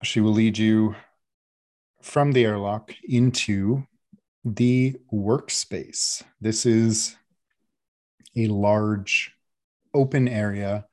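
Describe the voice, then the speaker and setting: Guy running a tabletop game, slow, mellow, lots of uh's. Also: fairly low pitch, steady tone. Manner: descriptive, with frequent fillers. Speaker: game master.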